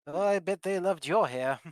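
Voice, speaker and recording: A woman's voice: fairly low pitch, a little slow, a little mellow, no room sound, clean studio sound. A woman chatting in character as a doctor in a roleplay game, rambling with fillers and laughing often. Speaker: roleplay streamer playing a doctor.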